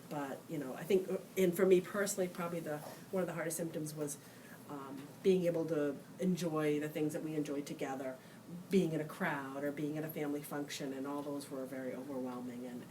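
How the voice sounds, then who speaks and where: A woman's voice: low voice, steady tone, a little fast, warm tone. A woman on a discussion panel, talking earnestly about caring for her mother, her thoughts tumbling out with many fillers. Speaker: panelist, child of a brain injury survivor. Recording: distant mic with clear room noise.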